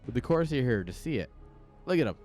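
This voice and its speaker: A man casting a live game match in a casual, excitable, joking way. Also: mid-range voice, fast, faint music behind. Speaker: esports caster.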